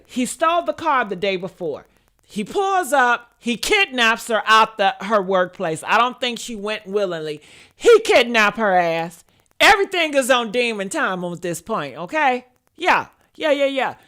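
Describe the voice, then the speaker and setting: A woman's voice: fairly high pitch, very animated, measured pace, bright, forceful tone. A woman hosting a live stream, reacting to news clips and talking bluntly and profanely straight to her viewers. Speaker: host.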